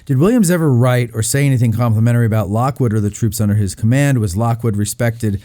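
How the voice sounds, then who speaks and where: A man's voice: mid-range voice, quick pace, dark tone, no room sound. A man hosting a live show in casual chat, joking and chatty with a lot of fillers. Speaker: host.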